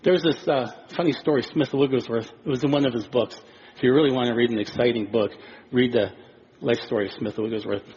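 A man preaching a sermon in an animated way, acting out quoted voices with chuckles. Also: mid-range voice, a little fast, dull audio, a little hiss or hum. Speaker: pastor.

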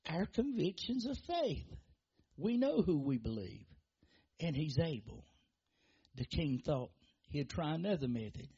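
A man preaching a sermon in a rhythmic, repetitive style, pushing his emphasis up and dropping it low. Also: a little mellow, slightly rough, dull audio.

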